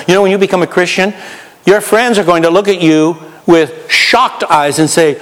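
Animated pastor preaching in a reverberant hall. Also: male voice, sits high, normal speed. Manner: animated, swings between loud and hushed, acts out voices. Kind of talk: sermon.

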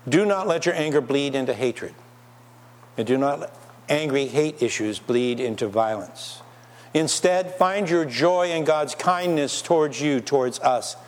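Preacher with a long hall echo. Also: male voice, medium pitch, lively intonation, a little slow. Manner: preaching with rhetorical questions to the congregation. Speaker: pastor. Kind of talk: sermon.

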